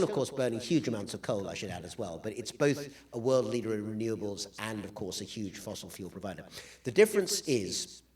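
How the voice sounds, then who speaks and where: A man's voice: lowish voice, distant mic. A man giving a public lecture with slides, talking with dry, wry humor and frequent "uh"s. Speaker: guest lecturer.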